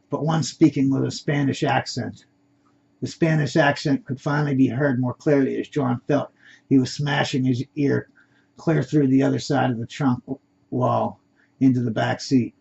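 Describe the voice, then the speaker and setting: A man reads his own draft story aloud, unpolished and correcting his slips. His voice is gravelly and husky. The recording sounds dull and lo-fi. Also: mid-range voice, mellow. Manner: unpolished reading with self-corrections. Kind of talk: amateur story reading.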